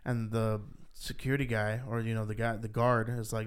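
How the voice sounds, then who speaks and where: A man's voice: normal speed, clean tone. A man co-hosting a podcast, chatting casually and rambling with lots of "like", his voice rising when he gets worked up. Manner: rambling, heavy use of "like", rises in pitch when animated. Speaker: podcast co-host. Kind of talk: casual chat.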